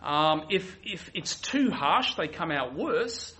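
A man's voice: on the high side, animated, takes it slowly, sharp tone. A man preaching a sermon, emphatic and given to repeating his key phrases.

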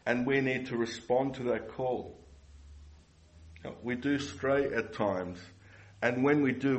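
A man's voice: medium pitch, muffled recording. A man preaching a sermon earnestly, repeating phrases and asking the congregation rhetorical questions.

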